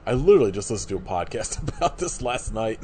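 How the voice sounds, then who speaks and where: A man's voice: lowish voice, sing-song, fast, darkish tone, a little hiss or hum. A man co-hosting a podcast in laid-back, rambling chat, swearing freely. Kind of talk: casual film chat.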